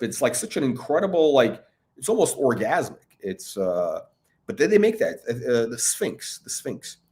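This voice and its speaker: A man's voice: medium pitch, a little mellow. A man talking in a rambling, profane monologue, with many fillers, restarts and laughs between remarks. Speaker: watch commentator.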